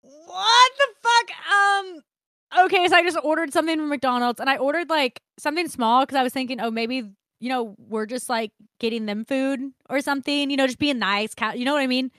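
A young woman co-hosting a podcast, telling a story in casual chat, animated, laughing often and swearing freely. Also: high-pitched, fast talker, few pauses, dry recording, studio quality. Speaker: podcast co-host.

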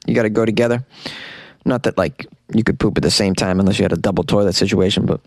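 A man's voice: on the low side, quick pace, a little mellow, no room sound. A man hosting a comedic weird-news podcast from a small closet, reading stories and mocking them sarcastically. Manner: sarcastic, mocking commentary with laughs. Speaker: podcast host.

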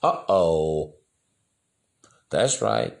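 A man's voice: extremely low pitch, sing-song, very slow, creaky, a little hiss or hum. A man hosting a podcast, talking in a loose, slangy, preachy monologue. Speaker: podcast host. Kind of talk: casual monologue.

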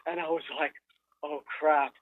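Animated storyteller man from Minnesota. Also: fairly high pitch, unhurried, narrow, tinny audio. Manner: animated storyteller, lots of "like" fillers. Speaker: guest filmmaker. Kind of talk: casual podcast chat.

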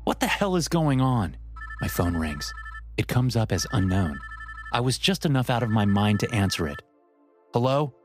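A man's voice: fairly low pitch, big pitch swings, normal speed, over music. A man giving scripted first-person horror narration in a tense storytelling manner.

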